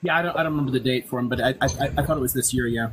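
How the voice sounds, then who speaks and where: A man chatting casually as a guest on a live stream, talking in rapid bursts with stumbling restarts. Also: mid-range voice, background noise. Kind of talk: casual chat.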